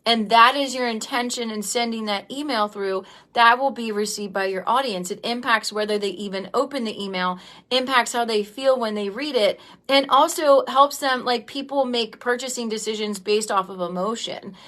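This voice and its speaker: A woman's voice: fairly high pitch, normal speed, fairly bright tone. A woman in her thirties hosting a livestream, talking casually and with feeling, filling her speech with "um" and "like" while tearful and greeting viewers by name. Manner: rambling, heartfelt, many "um" and "like" fillers. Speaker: livestream host and business coach.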